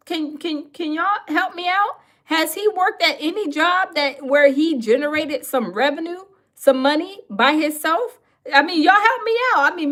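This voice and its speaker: A woman's voice: very high voice, fairly bright tone. Sassy woman mocking on a livestream. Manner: mocking, sassy, talks straight to viewers. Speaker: commentator. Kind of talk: livestream commentary.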